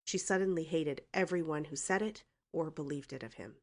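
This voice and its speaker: Woman narrating an audiobook, low voice. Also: a little fast. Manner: expressive reading. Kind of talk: scripted narration.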